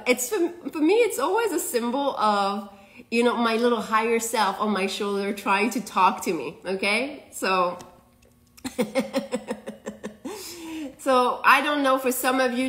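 A woman's voice: a little high, pushed and bright. A woman giving a live astrology and tarot reading to viewers. She laughs often, rambles loosely, and keeps checking in with "okay?". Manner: loose, rambling delivery with restarts.

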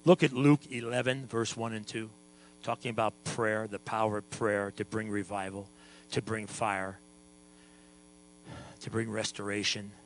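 A man preaching a lively sermon as pastor, sometimes singing and shouting, with a hum behind him. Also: fairly low pitch, a little slow, pauses often, poor audio. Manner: animated preaching, sings and shouts at times.

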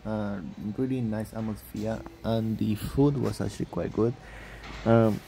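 Young male vlogger, low and mellow, gravelly, sleepy rambling delivery with frequent self-corrections. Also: fairly even intonation, unhurried, a little hiss or hum. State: sleepy, just woke up. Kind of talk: casual travel vlog voice-over.

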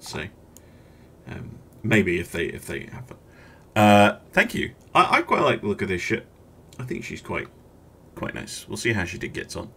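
Slow, gravelly-voiced man musing over a game. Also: lowish voice, fairly bright tone, slight background noise. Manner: thinking aloud, musing and hesitant. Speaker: gaming channel host. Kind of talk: gameplay commentary.

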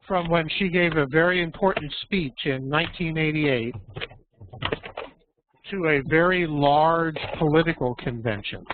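A man teaching an online English class, explaining patiently and slowly and checking in with questions. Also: on the high side, a little hiss or hum. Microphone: video call. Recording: tinny phone-like audio.

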